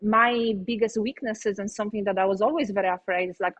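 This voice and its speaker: A woman from Poland with a Polish accent, an interview guest telling her career story in a lively, chatty way with frequent fillers. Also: medium pitch, a little fast, poor audio.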